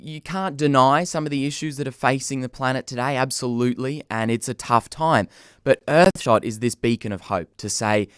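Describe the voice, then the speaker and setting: A young Australian man speaks in a studio as a guest, his voice smooth and clear, a little low for a man. He sounds upbeat and enthusiastic. The sound is close and dry. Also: no room sound. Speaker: conservationist guest. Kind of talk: radio interview answers. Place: radio studio.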